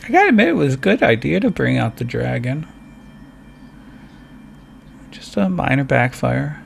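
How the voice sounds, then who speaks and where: A man's voice: mid-range voice, sing-song, normal speed, gravelly, slight background noise. A man playing a tabletop game, talking in a casual, rambling and reflective way during a break. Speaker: player.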